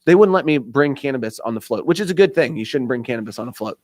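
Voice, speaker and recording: A man with an Indiana accent tells a rambling story in casual talk-radio style. He jumps into other people's voices and laughs along the way. His voice sits at a middle pitch and sounds close and dry. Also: quick pace, few pauses, dry recording. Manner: animated storyteller, acts out voices, laughs often. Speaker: radio show host.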